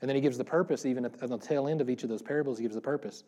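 A man's voice: mid-range voice, very fast, dark tone. A man pastor giving a casual, interactive sermon, asking the congregation questions and laughing often. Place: church room before a congregation.

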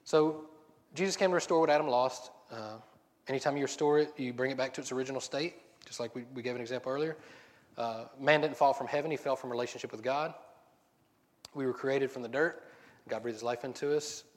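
A man's voice: medium pitch, a little fast. A man preaching a casual sermon, rambling and joking, often breaking off mid-sentence. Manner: rambling, self-interrupting, joking. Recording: long hall reverb.

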